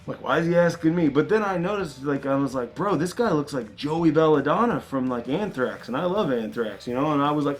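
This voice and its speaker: A man, a punk band member being interviewed, telling a long story in a loose, animated, profane way. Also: on the high side, fairly quick, hardly any pauses, faint music behind. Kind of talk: casual storytelling.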